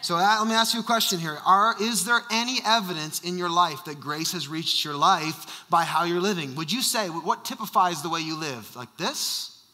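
Bright, high-voiced male pastor preaching. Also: lively intonation, normal speed, in a large hall. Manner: emphatic, repeats rhetorical questions. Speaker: senior pastor. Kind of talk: sermon.

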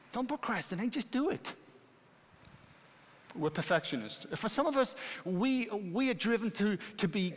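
A middle-aged British man preaching a sermon as pastor, animated and rising to emphatic peaks. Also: fairly high pitch. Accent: British English. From Britain. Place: church sanctuary. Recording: long hall reverb.

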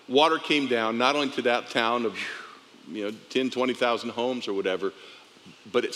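A pastor with a bright, forceful voice tells a story from the pulpit, laughing often and slipping into the voices of the people in it. His voice rings out across a large sanctuary with a long reverb tail. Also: mid-range voice. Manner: animated storyteller, laughing often, acting out dialogue.

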